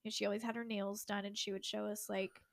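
A woman's voice: mid-range voice, level tone, fast talker, creaky, no echo, clean studio sound. A woman in her twenties, co-hosting a podcast in casual chat, giggly and full of "like" fillers. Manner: chatty, giggly, many "like" fillers. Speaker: podcast co-host.

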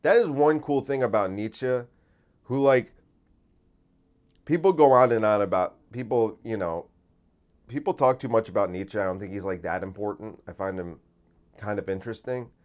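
A podcast host with a lowish, darkish voice speaks at normal speed with long pauses. His casual monologue rambles, and it is packed with fillers and swearing.

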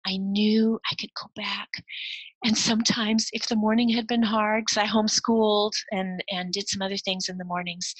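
Middle-aged woman, husky voice, dry close sound; gentle devotional speaker who slips into whispers. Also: medium pitch, level tone, moderate pace, no echo, low-quality recording. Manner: soft-spoken, sometimes drops to a whisper. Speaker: speaker to cross-cultural workers. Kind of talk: reflective devotional talk.

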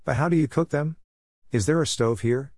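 A man reading the lines of an uneasy young mother who is unsure about camping, with a slightly raised pitch. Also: moderate pace, darkish tone, no echo, studio quality. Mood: doubtful.

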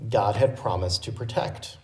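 A man's voice: lowish voice, moderate pace, background noise. Man preaching in an echoey church. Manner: explanatory teaching with frequent self-corrections. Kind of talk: sermon. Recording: echoey room.

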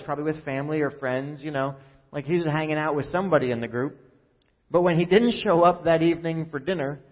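A male pastor with a somewhat high voice delivers a casual, humorous sermon and acts out the quoted lines. His voice rings with a long reverb from a large hall. The sound is slightly muffled and dull. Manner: conversational and joking, acts out quotes.

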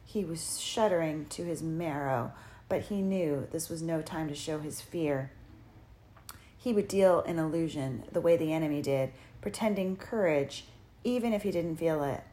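A woman narrating a dark fantasy audiobook in a measured, dramatic storytelling manner. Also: deep voice. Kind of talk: scripted narration.

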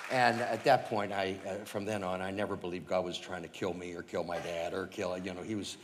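A man preaching and telling his own conversion story, animated and chuckling, with lots of fillers. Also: deep voice, fairly quick, long reverb tail, crowd noise, background noise. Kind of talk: personal testimony storytelling.

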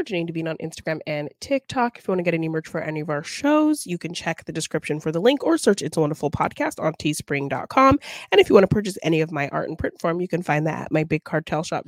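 A woman co-hosting a podcast in casual chat, playful and quick to giggle. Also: lowish voice, big pitch swings, no echo, studio quality. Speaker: podcast co-host.

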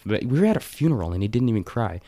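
Racing along in a lowish voice, a teenage guy near adulthood rambles through a story during a casual chat. He's animated, restarting often and packing in fillers.

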